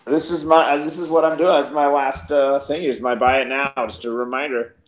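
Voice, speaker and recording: A man's voice: mid-range voice, steady tone, fairly quick. A man co-hosting a casual live comic auction, listing his books in a laid-back way. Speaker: co-host comic seller. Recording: echoey room.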